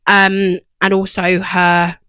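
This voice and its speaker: A woman's voice: medium pitch, monotone, takes it slowly, pushed and bright, clear, resonant tone, no echo. A young woman co-hosting a podcast, chatting casually and rambling with lots of fillers. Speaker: podcast co-host. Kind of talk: casual chat.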